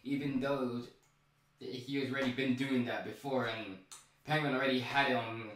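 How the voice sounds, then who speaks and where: A man casually recapping a TV episode, rambling and excitable, stumbling over repeated words and restarts. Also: medium pitch, moderate pace, slight background noise. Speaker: show recap vlogger. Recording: very echoey room, mic far off.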